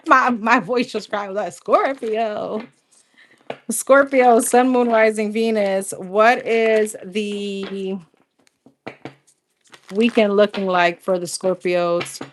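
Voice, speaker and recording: A woman's voice: mid-range voice, steady tone, slow, a little hiss or hum. A young adult woman doing a casual tarot reading, calling out cards one after another and chatting with viewers, laughing often. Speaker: tarot reader.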